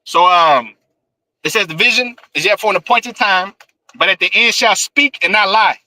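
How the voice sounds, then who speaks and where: A man's voice: high voice, normal speed, bright, forceful tone, poor audio. A man preaching scripture in a fiery, profane style, with emphatic repetition and "man" tagged on nearly every line. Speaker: street preacher.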